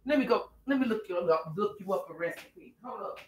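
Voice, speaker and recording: A woman vlogging in a relaxed, chatty way, talking straight to her viewers and laughing often. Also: mid-range voice, a little fast, a little hiss or hum. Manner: chatty, folksy, laughs often, addresses viewers as "girl" and "y'all". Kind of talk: casual chat to viewers while eating.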